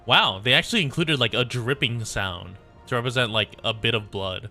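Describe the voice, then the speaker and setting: A man's voice: mid-range voice, moderate pace, hardly any pauses, bright, forceful tone, faint music behind. A man streaming, casually reacting while reading out a game story, swearing freely.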